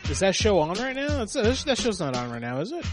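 A man's voice: high-pitched, fast, music in the background. A man co-hosting a casual, profane chat show, telling stories and acting out quotes. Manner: animated storytelling, swears a lot, acts out quotes. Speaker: podcast co-host.

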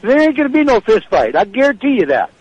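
A man's voice: very high voice, huge pitch swings, fast talker, breathy edge, no echo. An older man talking angrily and bluntly, making threats on a phone call. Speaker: prank call target.

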